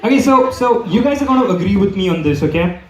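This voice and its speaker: Young man, animated, rambling comedy set. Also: sits high, fast talker, a little hiss or hum. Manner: rambling, repeats "okay?" often. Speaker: stand-up comedian. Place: comedy club hall with live audience. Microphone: handheld microphone. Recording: roomy hall, distant mic.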